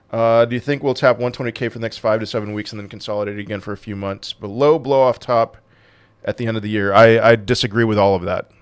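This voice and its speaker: A man's voice: on the low side, clean tone, no room sound. A man hosting a casual crypto livestream, reading out viewer questions and answering with offhand, dry sarcasm.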